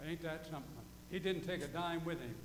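A man's voice: fairly high pitch, fairly quick, echoey room, big-room sound, a little hiss or hum, rough recording. A male pastor preaching a folksy sermon, quizzing his congregation and repeating key phrases for emphasis. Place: church sanctuary.

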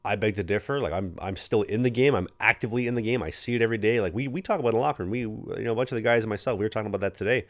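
A man's voice: fairly low pitch, very fast, hardly any pauses. A young man with a Canadian accent, a pro hockey rookie co-hosting a podcast, rambling through anecdotes and acting out his teammates. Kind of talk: casual storytelling chat.

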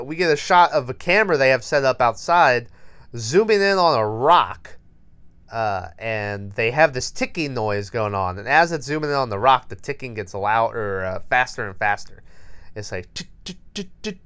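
A man's voice: medium pitch, fairly bright tone, clear, resonant tone. A man co-hosting a podcast, recapping a horror movie in a rambling, profane, laughing way. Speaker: podcast co-host.

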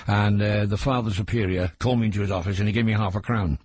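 A man's voice: on the low side, steady tone, quick pace, darkish tone, slight background noise. Older man, jokey storyteller on old radio. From England. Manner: jokey storyteller, slips into impressions of regional voices. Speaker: comedian guest. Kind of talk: anecdotal interview chat. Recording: old radio broadcast recording.

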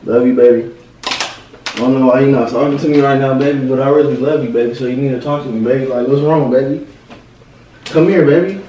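A man's voice: mid-range voice, fairly even intonation, a little fast, warm tone, distant mic, highs cut off, a little hiss or hum. A young man in a casual vlog, teasing and pleading with his girlfriend and repeating himself over and over. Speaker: vlogger. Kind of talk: casual playful chat. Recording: echoey room, off-mic.

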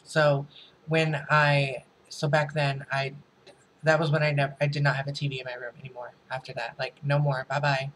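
A man's voice: medium pitch, level tone, normal speed, a bit bright, a little hiss or hum, rough recording. A man telling a casual storytime vlog on camera in his room, rambling and swearing freely. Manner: rambling, profane, chatty. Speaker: vlogger. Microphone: camera mic.

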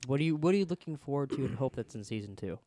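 A man's voice: medium pitch, expressive, racing, mellow, dry recording, studio quality. A man co-hosting a casual podcast, chatty and rambling, laughing often. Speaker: podcast co-host. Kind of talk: casual chat.

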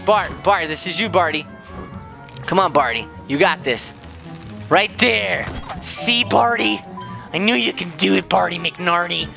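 A man hosting a let's-play, joking excitably as he plays a game, with game music behind him. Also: sits high, unhurried, creaky, long pauses. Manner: excitable, goofy, jokey. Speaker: gaming channel host.

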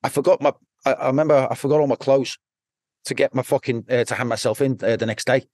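A man's voice: medium pitch, steady tone, fast, a little mellow, no room sound. Liverpool guy on a podcast, swears every other word, rambly blunt storytelling, dry close sound. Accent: Liverpool (Scouse). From Liverpool, England. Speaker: podcast guest. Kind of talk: casual storytelling.

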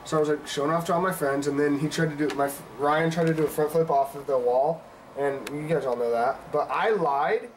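A man's voice: fairly high pitch, a little fast, slight background noise, close to an everyday voice. A teenage boy telling a story in casual talk, laughing through it, swearing, and acting out what he said back then. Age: teens. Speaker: teenager in a group. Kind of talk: casual improvised conversation. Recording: distant mic among chattering people.

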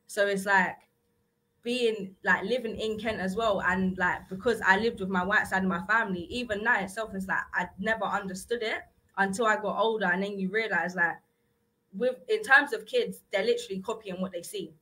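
A young woman talks on a radio show in a very bright, sharp voice. She chats casually and rambles, with a filler word in almost every sentence. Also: mid-range voice, fairly even intonation, moderate pace, low-quality recording. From South-East England. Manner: rambling, lots of filler 'like'. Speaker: guest. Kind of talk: casual chat. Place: radio studio.

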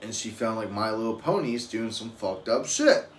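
Young dad swearing through a rambling story. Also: male voice, fairly low pitch, lively intonation, moderate pace. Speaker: father. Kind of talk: casual live-stream chat. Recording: roomy echo with faint ambient noise.

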